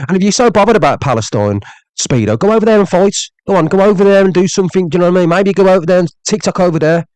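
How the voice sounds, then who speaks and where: A man's voice: on the high side, darkish tone, dry recording. A man on a live stream, ranting angrily with lots of swearing, repeating himself and reading out viewer comments. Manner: angry, profane, repeats "you know what I mean".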